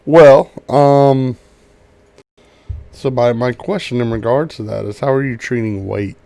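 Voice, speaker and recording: A man's voice: medium pitch, a little slow, gravelly, warm tone, no room sound. Wry, joking man at a game table. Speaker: player. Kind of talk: casual chat during a tabletop game.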